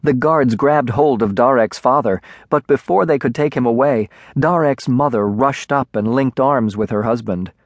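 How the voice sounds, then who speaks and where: A man narrating a children's storybook in a measured, expressive way on a close studio mic. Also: mid-range voice, no room sound. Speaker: audiobook narrator.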